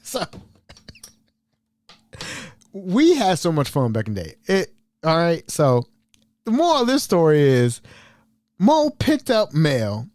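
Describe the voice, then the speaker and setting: A man from Ohio recounting stories as a podcast host, animated and chatty. His pitch sits a bit high and swings a lot. The sound is close and dry. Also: no room sound. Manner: animated, laughing often, chatty. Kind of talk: casual storytelling.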